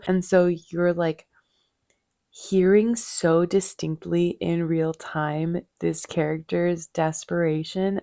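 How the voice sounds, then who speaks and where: A young woman in a casual book vlog, talking quietly into a handheld mic at home, chatty with fillers and small laughs. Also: fairly low pitch, gravelly, no echo, clean studio sound. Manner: quiet, near-whispered, hushed to avoid noise. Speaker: book vlogger. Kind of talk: soft-spoken casual chat. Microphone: handheld mic held close.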